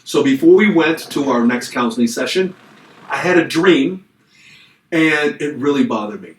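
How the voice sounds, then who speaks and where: Animated storytelling man in an echoey room. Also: on the high side, normal speed, distant mic. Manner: animated storyteller acting out quotes. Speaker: podcast co-host. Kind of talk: casual storytelling chat.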